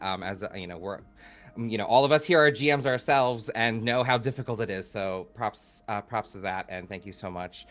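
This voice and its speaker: A man player thanks his fellow players after a tabletop campaign. He is bubbly and quick to laugh. He fills his talk with "like" and "um". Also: lowish voice, a bit bright. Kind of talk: post-game wrap-up chat.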